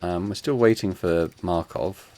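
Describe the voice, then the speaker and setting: A man's voice: deep voice, unhurried, warm tone. A man playing a tabletop game solo and narrating it, groaning and swearing at his dice rolls.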